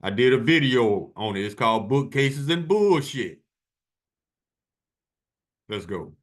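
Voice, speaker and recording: An emphatic male host talks over video clips in a loose, preachy style, leaning hard on certain words and repeating them. His pitch sits at an ordinary middle height for a man. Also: expressive, takes it slowly. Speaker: channel host.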